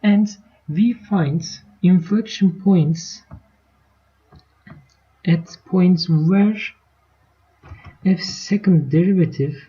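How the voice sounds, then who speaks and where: A woman's voice: fairly low pitch, extremely slow, long pauses, mellow. A woman teaching a live online math lesson, explaining step by step and checking in with her students. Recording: dull lo-fi stream audio.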